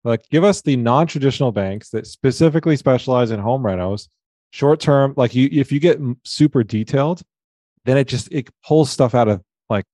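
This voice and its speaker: A man speaking as a guest in a casual business talk, relaxed and hedging, often adding "right?". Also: medium pitch, moderate pace, no room sound, clean studio sound.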